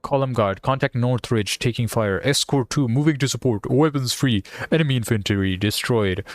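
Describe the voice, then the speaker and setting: Streamer doing a curt American military radio voice, formal reports, mid-pitched man. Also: moderate pace, no echo, natural voice. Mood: clipped, formal. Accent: put-on American. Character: terse male military radio commander.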